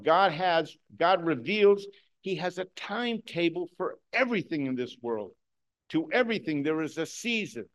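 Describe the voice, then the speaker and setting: A man preaching a sermon to his congregation, moving between loud excited bursts and hushed, slow emphasis. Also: a little high. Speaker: pastor.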